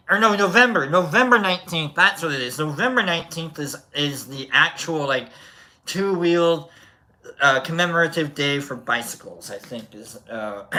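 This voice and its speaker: A man's voice: a little high, sharp tone. A man hosting a livestream who tells a rambling, casual story, swearing freely and restarting his sentences often. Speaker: livestream host.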